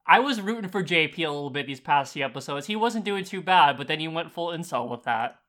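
Man, podcast co-host, casual chat, wry jokes, high bright voice. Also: animated, fairly quick. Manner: wry, joking asides.

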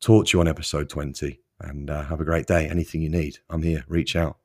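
Low-voiced guy doing a solo podcast, loses his thread and laughs at himself, upbeat encouraging chat. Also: little pitch movement, brisk. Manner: rambling, self-deprecating, encouraging. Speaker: podcast host. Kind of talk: solo motivational podcast talk.

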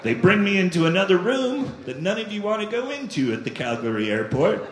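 A man performs stand-up and tells profane, self-deprecating stories. His voice sits a little high for a man, and his pitch swings widely. The live recording sounds echoey, with clear noise in the background. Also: very animated, a little fast. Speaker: stand-up comedian. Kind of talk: stand-up routine. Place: comedy club stage.

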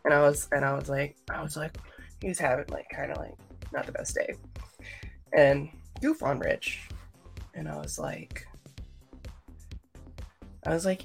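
A woman's voice: deep voice, measured pace, gravelly, long pauses, soft background music. A woman hosting a livestream, chatting casually and rambling straight to her viewers. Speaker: livestream host.

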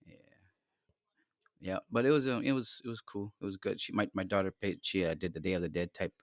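A middle-aged father chatting casually on a podcast, rambling and swearing, often trailing off quietly. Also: deep voice, a little fast, no echo, studio quality. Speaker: podcast co-host. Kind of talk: casual chat.

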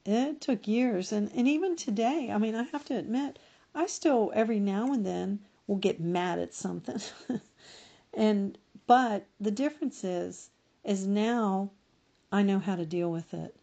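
Slow, gravelly-voiced middle-aged woman. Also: mid-range voice, warm tone, muffled recording. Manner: slow, reflective, self-correcting. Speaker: podcast guest. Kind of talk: personal testimony in an interview.

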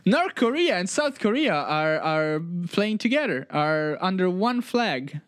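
A man co-hosting a podcast in casual banter, playful and excitable, often repeating his words. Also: high-pitched, a little slow, no echo, clean studio sound. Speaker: podcast co-host.

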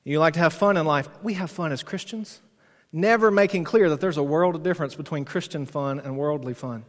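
A pastor preaching an expository sermon, his fairly high voice ringing through a church with a long reverb. He presses hard on key lines and slows them down for weight. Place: church sanctuary.

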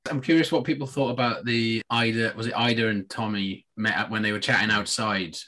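A man's voice: lowish voice, fairly even intonation, fairly quick, sharp tone. A man co-hosting a casual podcast, musing hesitantly and searching for words. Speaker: podcast co-host. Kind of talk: casual TV discussion.

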